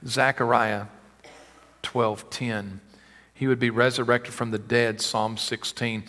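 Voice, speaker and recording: A man preaching a sermon as a pastor, swinging between rising, forceful declarations and quiet, wry asides. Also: medium pitch, little pitch movement, slow, long reverb tail.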